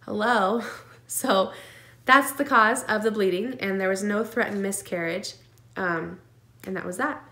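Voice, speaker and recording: A woman's voice: mid-range voice, unhurried, sharp tone. Woman telling an emotional story, echoey room. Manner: emotional, earnest, many fillers and nervous laughs. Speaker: vlogger sharing her twin pregnancy. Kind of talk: casual personal storytelling.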